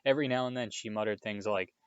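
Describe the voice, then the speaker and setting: Male reader, steady storybook narration, low pitch, dull sound. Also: fast talker, smooth, no echo. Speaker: audiobook reader.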